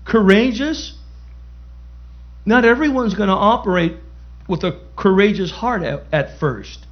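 A man's voice: sits high, animated, unhurried, muffled recording. A man preaching a sermon as pastor, emphatic, repeating key phrases and calling out to the congregation.

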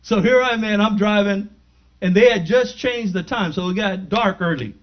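A man giving a spoken testimony in church, animated and acting out the dialogue as he tells it. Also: high-pitched, normal speed. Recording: dull lo-fi recording.

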